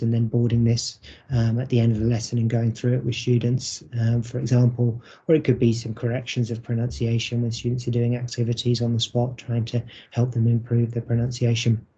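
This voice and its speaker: A man presenting a recorded workshop for English teachers, speaking in a measured, explanatory way with frequent ums. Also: mid-range voice, mellow, slightly rough. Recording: dull lo-fi audio.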